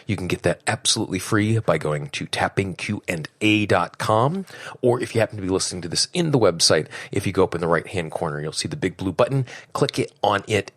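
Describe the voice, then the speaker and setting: A man with a very low voice hosts a solo podcast and speaks warmly and directly to his listeners. He is getting over a cold, so his voice sits even deeper than usual. The recording is close and dry, with no room sound. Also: no echo. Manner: friendly, direct address to listeners. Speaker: podcast host.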